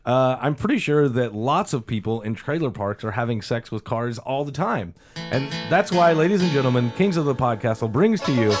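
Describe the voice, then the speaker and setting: A man hosting a podcast in a showman announcer manner, with lots of ladies-and-gentlemen intros. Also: medium pitch, expressive, moderate pace, over music. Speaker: podcast host.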